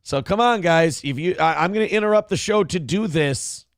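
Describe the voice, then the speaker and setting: A man hosts a casual political morning show, profane, sarcastic and rambling. His slightly high voice has a gravelly fry. It sounds close and dry. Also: moderate pace, no room sound.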